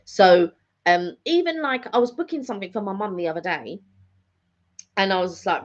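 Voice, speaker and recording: On a dull lo-fi recording, a middle-aged vlogger hosts a live catch-up, chatting casually and rambling while often repeating phrases. Her medium-pitched voice has lively intonation and moves at normal speed.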